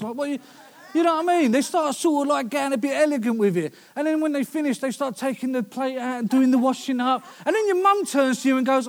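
A man's voice: very high-pitched, animated, quick pace. A young man preaching a sermon in a conversational way, with storytelling asides.

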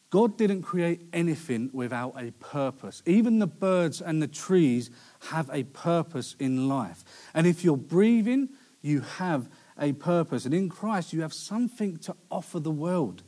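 A man's voice: on the high side, expressive, a little slow, warm tone. A young man preaching a sermon in a conversational way, with storytelling asides.

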